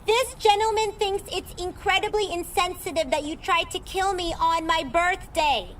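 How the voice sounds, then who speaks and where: A woman's voice: very high voice, moderate pace, a bit bright, a little hiss or hum. An actress playing a dramatic, theatrical woman in a stormy marriage, breezy and unbothered, with wry asides. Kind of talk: theatrical stage acting.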